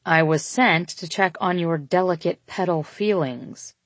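A woman voicing a proud, sharp-tongued young woman who speaks slowly and coolly. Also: fairly low pitch, no echo. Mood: cool, cutting. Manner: cool and cutting, slow and deliberate.

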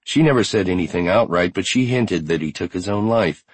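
A man's voice: low voice, brisk, breathy edge, no room sound. A man voicing a grieving widowed woman in an audiobook, tired but strong, speaking bluntly and earnestly. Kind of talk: audiobook character reading.

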